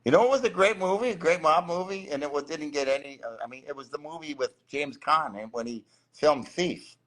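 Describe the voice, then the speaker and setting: A middle-aged man from Cleveland, guesting in a casual interview, speaks fairly quickly in a voice on the high side. He's an animated storyteller who acts out the people he quotes and laughs often during the chat.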